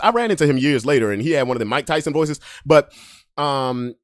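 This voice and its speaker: A man, the host of a podcast, telling a story with great energy, acting out voices and swinging from hushed asides to yelling. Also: a little high, animated, quick pace, no echo, clean studio sound.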